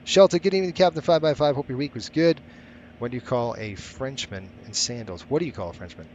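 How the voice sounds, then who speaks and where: A man's voice: medium pitch, fast talker, darkish tone, muffled recording, a little hiss or hum. Guy streaming live, mumbling through his setup, talks to chat now and then, voice sits mid-range for a man. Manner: thinking aloud while setting up, chatting with viewers. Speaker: flight sim streamer.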